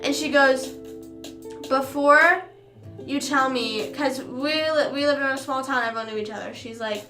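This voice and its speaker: A young woman on her live stream tells a story in a chatty, casual way, using "like" constantly and acting out the people she quotes in their own voices. Her voice is high and bright, a little fast with few pauses. The room sounds echoey, with faint music in the background.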